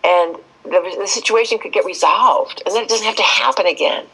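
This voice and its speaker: A woman speaking as an expert guest in a podcast interview, telling stories with lively shifts and acting out quoted voices. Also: mid-range voice, fairly quick, breathy edge, low-quality recording.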